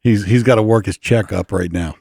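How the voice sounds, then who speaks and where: Man, podcast co-host, low voice, dry studio, joking, agreeable. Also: vocal fry, darkish tone, slightly rough, no room sound. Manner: joking, agreeable, quick to back others up. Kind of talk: casual studio chat.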